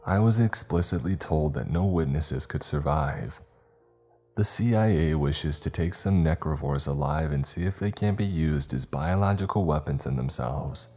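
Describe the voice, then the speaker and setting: A man's voice: a bass voice, darkish tone. A man reading as a cold female agent. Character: cold female government agent, apologetic killer.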